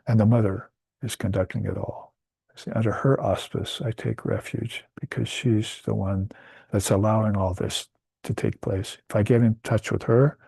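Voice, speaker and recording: A man gives a spiritual talk in a low, dark, gravelly voice. He teaches unhurriedly, dropping in Sanskrit terms, pausing on fillers and restarting his phrases. The recording is dry and close. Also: no echo.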